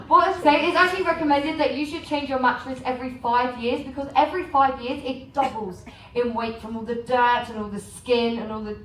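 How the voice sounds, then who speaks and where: English woman, high voice, warm crowd-working presenter on a cruise ship, caught from afar in an echoey room. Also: distant mic, slight background noise. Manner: chatty, joking, asks the crowd questions. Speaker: cruise port shopping presenter. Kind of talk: live sales talk to an audience.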